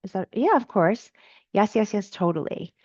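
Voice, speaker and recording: A woman's voice: medium pitch, animated, moderate pace, a little mellow, no echo, muffled recording. A woman coach answering viewers' comments in a live Q&A, encouraging and emphatic, repeating her key phrases.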